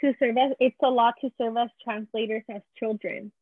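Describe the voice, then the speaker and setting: A woman's voice: fairly high pitch, fairly even intonation, a little fast, no echo. A young woman from Mexico with a Mexican Spanish accent, chatting casually with lots of fillers and switching into Spanish. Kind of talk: casual chat. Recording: tinny phone line.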